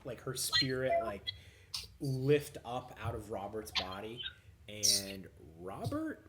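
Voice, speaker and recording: A man's voice: lowish voice, sing-song, slow pace, very noisy. A man running a tabletop game as game master, narrating loosely with many fillers.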